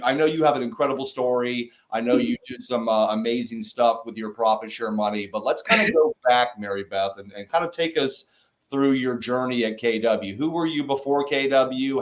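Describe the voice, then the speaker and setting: A man hosting a casual interview, upbeat and enthusiastic in his delivery. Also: medium pitch. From Atlanta, Georgia. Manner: upbeat, hype-style talker. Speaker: interview host.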